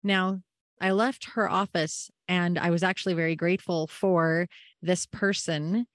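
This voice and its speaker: Earnest low-voiced woman telling her story. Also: steady tone, measured pace, dry recording, studio quality. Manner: earnest, emotional, reflective. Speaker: podcast host and family caregiver. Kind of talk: personal storytelling monologue.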